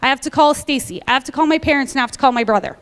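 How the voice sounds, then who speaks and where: High-voiced woman sharing her testimony in church. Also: racing, in a large hall. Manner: lively storyteller who acts out the dialogue. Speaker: church member giving a testimony. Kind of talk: personal testimony told to a congregation.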